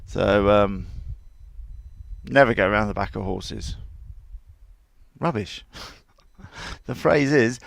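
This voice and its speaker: Gravelly, lively-voiced horse trainer. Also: male voice, medium pitch, moderate pace, pauses often, no echo. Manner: rambling, digressive, chuckling storyteller. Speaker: horse trainer and show host. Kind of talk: casual advice talk with anecdotes.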